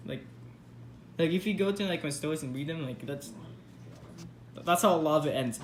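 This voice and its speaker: A woman's voice: sits low, expressive, moderate pace, a little hiss or hum. A woman casually rambling over her old story, mocking herself with lots of fillers. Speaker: vlogger.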